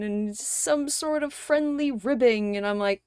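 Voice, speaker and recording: A young woman streaming a game, chatting casually and telling animated stories, often laughing and acting out what people said. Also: high voice, unhurried, few pauses, smooth, dry recording, studio quality. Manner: animated storyteller, acts out quoted lines, laughs often. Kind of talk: casual livestream chat while gaming.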